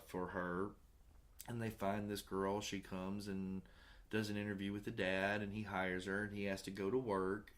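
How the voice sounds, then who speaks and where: A man hosting a podcast, telling film-set stories in a casual, profane, animated way. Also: lowish voice. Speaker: podcast host and film director. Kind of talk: casual storytelling chat.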